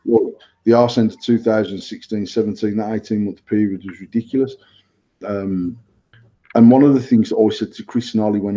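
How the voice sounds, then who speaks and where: A man's voice: fairly low pitch, warm tone. A man co-hosting a casual podcast, rambling and swearing as he repeats himself. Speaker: podcast co-host. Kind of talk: casual chat. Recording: dull lo-fi sound.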